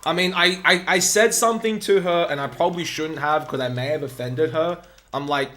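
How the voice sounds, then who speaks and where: A man's voice: on the high side, brisk, bright, forceful tone, slight background noise. An Australian man, a speedrun streamer, chatting casually and rambling as he answers his live chat.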